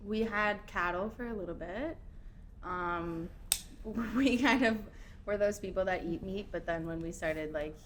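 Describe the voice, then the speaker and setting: A young woman with a Minnesota accent talks in a loose, chatty way, laughing often and trailing off into filler words. Her pitch sits in the middle for a woman. There is a faint background hiss under the conversation. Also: measured pace. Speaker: guest. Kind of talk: casual chat.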